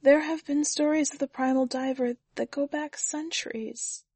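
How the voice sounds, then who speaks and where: A woman reader voicing a gentle, wise mother who speaks softly and calmly with a slight tremble. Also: high voice, normal speed, no echo, pitched above the performer's own voice. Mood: tender. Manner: soft, calm, slightly shaking.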